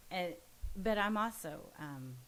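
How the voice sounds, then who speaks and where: A woman's voice: fairly low pitch, animated, slow pace, fairly bright tone, low-quality recording. A woman in her forties, a podcast guest, telling a personal story in an earnest, forthright way. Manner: earnest and forthright, self-described pushy. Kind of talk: candid storytelling in casual conversation.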